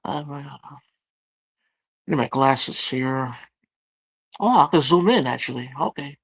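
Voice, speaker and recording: A man hosting a livestream, chatting casually as he reads out viewer comments and reacts to them with loud exclamations. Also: mid-range voice, lively intonation, slow pace, creaky, slightly rough, dry recording, highs cut off. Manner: exclamatory, reacting aloud to chat. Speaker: livestream host.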